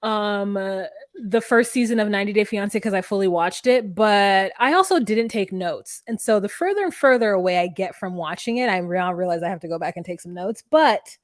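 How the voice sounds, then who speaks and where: A woman's voice: mid-range voice, a little fast, no echo, studio quality. A young woman co-hosting a podcast, recapping a reality show in casual, candid chat and acting out people's lines. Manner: candid, profane, quotes people in voices. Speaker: podcast co-host.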